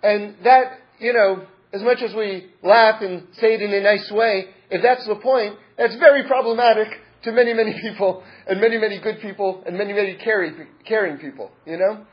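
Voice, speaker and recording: A man's voice: sits high, steady tone, normal speed, few pauses, husky. A man teaching a religious class, telling stories earnestly and repeating his words for emphasis. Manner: repetitive, earnest, stacks adjectives. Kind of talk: storytelling talk. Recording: dull lo-fi recording.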